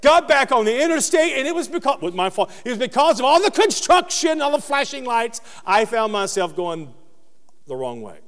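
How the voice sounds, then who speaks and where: A man preaching a sermon as pastor, dropping low and quiet, then rising into loud, high peaks. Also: sing-song, moderate pace, in a large hall.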